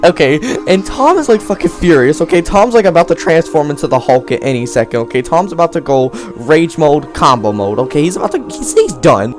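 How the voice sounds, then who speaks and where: A man's voice: on the high side, big pitch swings, a little fast, hardly any pauses, music in the background. Crude, laughing young man telling a story. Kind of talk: animated comedic storytelling.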